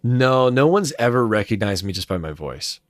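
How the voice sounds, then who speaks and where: Lively, animated man telling stories. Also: medium pitch, normal speed, no room sound. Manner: rambling storyteller, animated, self-deprecating. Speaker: voice actor guest. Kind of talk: casual interview chat.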